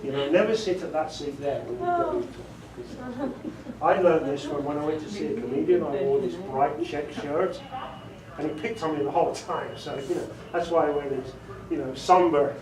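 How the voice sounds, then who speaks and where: Amid crowd noise, a man with a slightly high voice and moderate pace leads a casual workshop on audiobook narration before a group in a meeting room. He's chatty and amused with himself, laughing often and showing off inflections, and the distant recording echoes.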